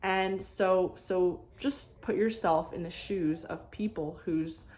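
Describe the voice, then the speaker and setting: Low-voiced woman rambling through a story. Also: slow pace. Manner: animated, rambling, frequent "like" and restarts. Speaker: vlogger. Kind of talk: casual storytelling vlog.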